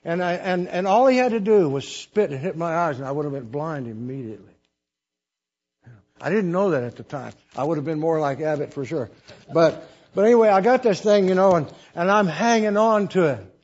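Older male preacher, husky higher voice, folksy storytelling sermon, dull lo-fi sound. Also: animated, brisk, a little mellow. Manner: folksy, rambling with restarts and laughs. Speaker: missionary preacher.

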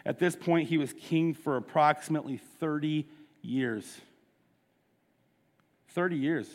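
A man with a fairly high voice preaches a sermon in a church sanctuary. He retells the story in a loose, conversational way, breaking off for asides to his listeners. His voice rings out with the long reverb of a large hall. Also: unhurried. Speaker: pastor.

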